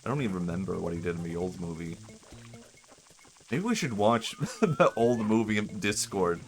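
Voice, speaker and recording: A man with a low voice chats casually while he plays, rambling and joking as he thinks out loud. Game music plays clearly underneath his talk. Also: lively intonation, normal speed. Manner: rambling, jokey, thinks aloud. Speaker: streamer. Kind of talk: casual gameplay commentary.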